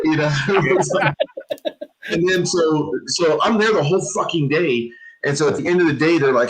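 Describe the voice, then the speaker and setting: A man's voice: a little high, brisk, low-quality recording. A man telling a casual story on a podcast, acting out the voices of the people in it. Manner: animated, acts out voices in anecdotes.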